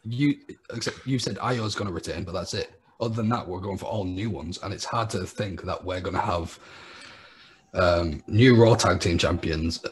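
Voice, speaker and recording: Deep-voiced man, blunt and sweary. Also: moderate pace, breathy edge. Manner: blunt, sweary, deadpan banter. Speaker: podcast co-host. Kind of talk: casual wrestling chat.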